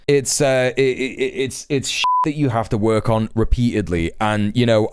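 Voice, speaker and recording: Male streamer, emphatic and earnest, smooth clear voice, close dry mic, frequent "you know"s. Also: medium pitch, dry recording. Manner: earnest, emphatic, lots of fillers and restarts. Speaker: Twitch streamer. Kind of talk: livestream commentary.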